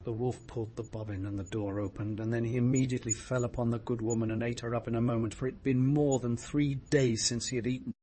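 A man narrating a fairy tale in a steady, measured storybook reading. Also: medium pitch, a little hiss or hum.

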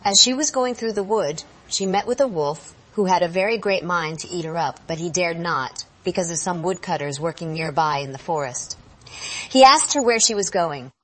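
A woman's voice: lowish voice, expressive, moderate pace, a bit bright. Woman reading a fairy tale aloud. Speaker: storyteller.

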